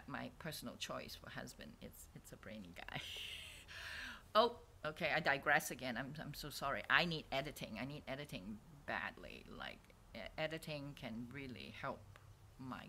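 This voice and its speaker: A woman's voice: very deep voice, bright, forceful tone, slight background noise. A woman chatting in a rambling, digressive way about her swap meet stall, often trailing off into near-whispers. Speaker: artist vlogger. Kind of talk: rambling casual monologue.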